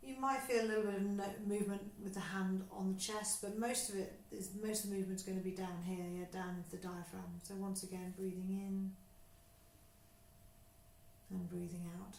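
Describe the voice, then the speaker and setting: Soothing woman guiding slow breathing. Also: medium pitch, little pitch movement, gravelly, a little mellow, slight background noise. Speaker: yoga teacher. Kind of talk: guided breathing instruction. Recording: echoey room with faint ambience.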